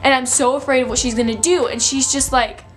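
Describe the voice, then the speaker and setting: A woman's voice: high voice, fairly even intonation, a little fast, soft background music. A young woman in her late teens telling a storytime vlog in a chatty, filler-heavy, breathless way. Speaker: vlogger.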